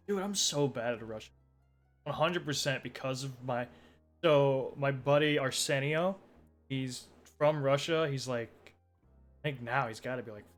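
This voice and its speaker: A man's voice: medium pitch, fairly bright tone. A young man chatting casually on a live stream, laid-back and rambling as he talks with his group.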